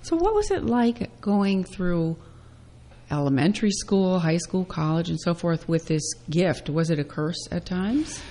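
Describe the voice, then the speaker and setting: A woman's voice: on the low side, expressive, measured pace, dark tone. A woman hosting an interview, asking curious follow-up questions. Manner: curious, prompting follow-ups. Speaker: host.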